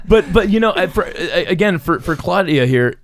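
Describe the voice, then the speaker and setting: A man's voice: high voice, expressive, normal speed, dry recording. A young man co-hosting a podcast, talking in a loose, rambling way with many restarts and easy laughs. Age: young adult. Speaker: podcast co-host. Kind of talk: casual chat.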